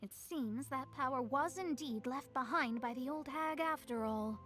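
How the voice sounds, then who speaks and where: A woman voicing a proud, haughty young astrologer girl in a video game, indignant and sharp-tongued. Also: sits high, normal speed, soft background music.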